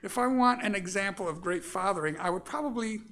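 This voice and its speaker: An older man from Florida, a minister giving a personal storytelling sermon in a relaxed, folksy way, pausing often with fillers. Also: high-pitched. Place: church sanctuary.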